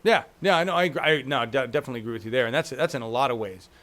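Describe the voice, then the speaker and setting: A man's voice: medium pitch, rapid-fire, fairly bright tone. Profane, chatty male talk-show host. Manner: loose and profane, often asks "right?". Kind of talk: casual political chat.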